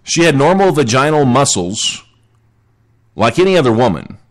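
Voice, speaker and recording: A man's voice: mid-range voice, very animated, normal speed. A man hosting a casual live podcast, joking and chatting with listeners in the chat. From Southern United States. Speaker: podcast host.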